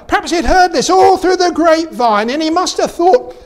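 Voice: extremely high pitch, lively intonation, moderate pace, few pauses. A preacher delivering a sermon with emphatic delivery that rises to fervent peaks, reading scripture aloud in King James wording.

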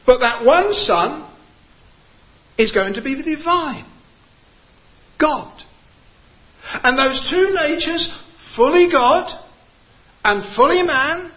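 A man preaching a sermon, rising to emphatic peaks and then dropping low and slow. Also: sharp tone, highs cut off.

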